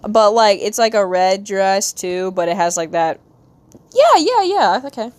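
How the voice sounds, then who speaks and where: An American woman with a light Southern accent, rambling casually to her stream while she draws, talking to herself with quick bursts of excitement. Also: mid-range voice. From United States. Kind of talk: casual live-stream chat while drawing.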